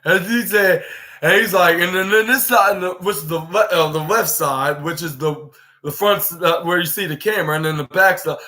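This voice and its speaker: A man's voice: sits high, normal speed, sharp tone. A man hosting a podcast, retelling a wrestling show in a rambling play-by-play way. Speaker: podcast host. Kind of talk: casual wrestling show recap.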